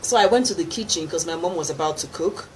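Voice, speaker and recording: A woman's voice: fairly low pitch, fast talker, low-quality recording. A middle-aged Nigerian woman, a gospel singer, telling her testimony in a radio interview and acting out the voices of people in her story. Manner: storytelling with acted quotes and laughter. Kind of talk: animated testimony. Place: radio studio. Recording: faint background noise.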